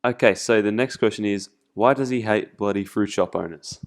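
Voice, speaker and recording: Australian man, interviewer, laid-back and slangy, lowish voice. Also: normal speed. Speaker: interviewer, host. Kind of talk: casual interview questions.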